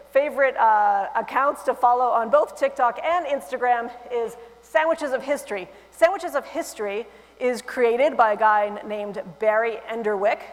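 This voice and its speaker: A woman with a fairly high voice delivers a funny, animated keynote from a stage. Her words carry the long reverb of a large conference hall. She talks with quick jokes and playful emphasis. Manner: lively, humorous, animated delivery. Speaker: keynote speaker.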